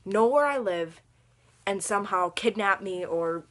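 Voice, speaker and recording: A woman's voice: medium pitch, expressive, measured pace, fairly bright tone. A woman telling a rambling storytime to camera in a casual vlog, full of fillers, sitting at home under a lamp. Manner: rambling, chatty, lots of fillers. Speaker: vlogger.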